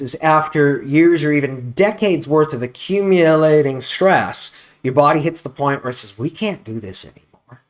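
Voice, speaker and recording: American male chiropractor, slightly high voice, calm measured explainer who stresses key words. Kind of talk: educational explainer to camera.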